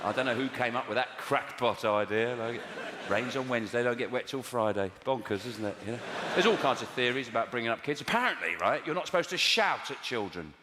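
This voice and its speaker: A London stand-up comedian gripes through his routine in a chatty, exasperated way, with lively intonation and a brisk pace, his pitch swinging wildly and jumping to high squeals for emphasis. He speaks into a stage mic on a large theatre stage before a live audience. The noisy recording has roomy, long hall reverb and loud, roaring audience laughter.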